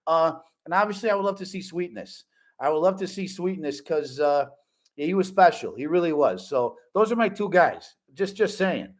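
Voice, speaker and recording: A man's voice: fairly high pitch, moderate pace. A man in his forties hosting a fan live stream, chatting casually with viewers and joking a lot. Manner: animated, joking, repeats catchphrases.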